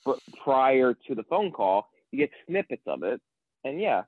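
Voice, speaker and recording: A man's voice: mid-range voice, very animated, measured pace, dry recording. A man co-hosting a podcast, chatting casually about a film and often repeating words as he starts. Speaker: podcast co-host. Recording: tinny phone-like line.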